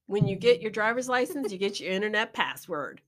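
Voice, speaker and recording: A woman's voice: mid-range voice, expressive, a little fast. A woman co-hosting a podcast in casual chat, making her points emphatically in short, punchy statements. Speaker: podcast co-host.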